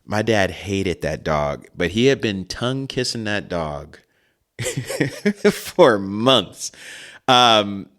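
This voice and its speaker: Podcast host, man in his forties, lowish voice, rambling and chuckling storyteller. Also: sing-song, very slow, fairly bright tone. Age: 40s. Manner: rambling, chuckling, frequent asides. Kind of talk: casual storytelling.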